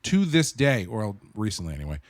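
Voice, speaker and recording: A man co-hosting a podcast, telling relaxed anecdotes about films with lots of fillers. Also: fairly low pitch, fairly quick, no echo. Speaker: podcast co-host. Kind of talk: casual film discussion.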